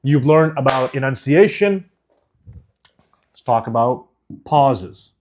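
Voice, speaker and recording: A man teaching a speaking course, speaking deliberately and clearly enunciating each syllable with emphasis. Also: mid-range voice, lively intonation, darkish tone. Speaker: speaking coach. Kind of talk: instructional course.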